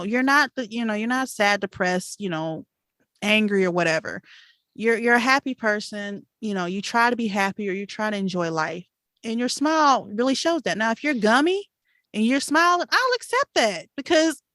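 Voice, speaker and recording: A woman co-hosting a podcast, telling a story in an animated, chatty way with laughs and fillers. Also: a little high, no echo, clean studio sound. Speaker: podcast co-host. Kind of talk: casual storytelling chat.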